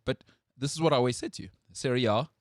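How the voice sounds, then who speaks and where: A man's voice: quick pace, no echo, studio quality. A man hosting a sports talk show, holding forth with strong opinions in casual chat. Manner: animated, jumps high in pitch when outraged.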